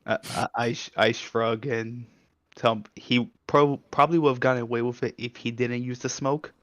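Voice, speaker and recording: A man's voice: mid-range voice, steady tone, normal speed, no echo. A man playing in a tabletop game, giving short, hesitant replies in character. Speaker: player. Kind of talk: casual tabletop role-play. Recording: dull lo-fi mic.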